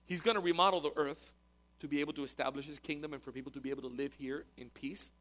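A man's voice: a little high, fairly even intonation, fast talker, fairly bright tone. A man teaching a conversational sermon as a pastor, repeating words as he explains. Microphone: recorded talk to a congregation.

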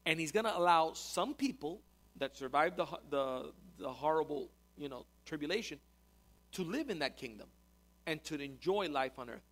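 A man preaching in a conversational way, with a fairly high voice that rises and falls a lot as he explains. He repeats words now and then while teaching his congregation. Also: expressive, normal speed, fairly bright tone. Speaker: pastor. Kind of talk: sermon teaching. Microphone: recorded talk to a congregation.

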